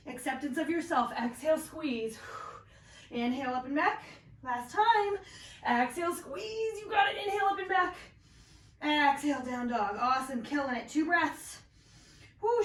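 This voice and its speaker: A woman teaching a guided yoga class, calling out poses and breaths with encouraging cues while practicing along and a little out of breath. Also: high voice. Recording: roomy echo, voice from a distance.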